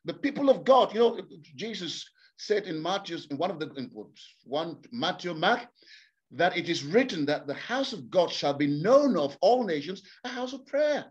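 Impassioned high-voiced male preacher. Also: sing-song, normal speed. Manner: impassioned, repeats words for emphasis. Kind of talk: sermon. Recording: slightly dull lo-fi sound.

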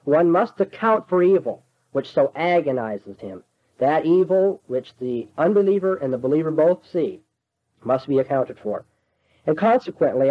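A man's voice: a little high, no room sound. Man lecturing earnestly, dull lo-fi recording. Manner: earnest, emphatic, insistent. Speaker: lecturer on apologetics. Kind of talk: classroom lecture.

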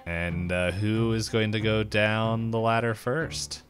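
A man with a lowish voice guides players through a tabletop horror game, taking his time. He is laid-back and breaks into laughter often. Faint music plays under him. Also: steady tone, takes it slowly. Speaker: game master.

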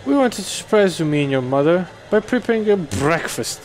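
A man voicing a stern spectral father who speaks in a solemn, deliberate way. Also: a little high, very animated, darkish tone, slight background noise, voice pushed up.

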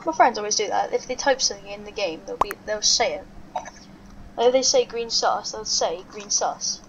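A woman giving excitable live gameplay commentary as a video host, thinking aloud to herself. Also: mid-range voice, moderate pace, lo-fi sound. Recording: clear background noise.

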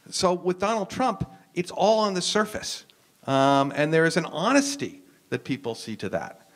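American man, mid-pitch, conversational lecturer with many "um"s and self-corrections; panel guest. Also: expressive, moderate pace. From United States. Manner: explanatory, frequent "um" and restarts. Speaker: university professor, panelist. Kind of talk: lecture-style discussion.

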